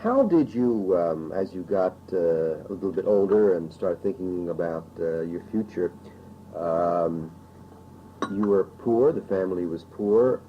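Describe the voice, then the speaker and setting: A man interviewing for an oral history, asking gentle, prompting questions. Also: low-pitched, animated, measured pace, a little hiss or hum. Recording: dull, slightly distant archival audio.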